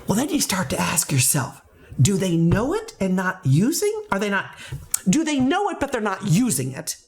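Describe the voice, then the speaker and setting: Middle-aged American woman, former school principal; earnest storyteller with a lively, swooping delivery. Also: medium pitch, moderate pace. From United States. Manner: earnest, emphatic storytelling with rising exclamations. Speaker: education company founder, former principal. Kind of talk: personal story to camera.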